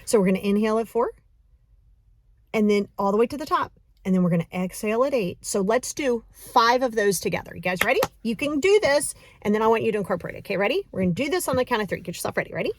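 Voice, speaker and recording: A woman coaching a breathing exercise in a casual, encouraging, chatty way, counting slowly. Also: a little high, expressive, no echo, clean studio sound. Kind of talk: casual guided breathing lesson.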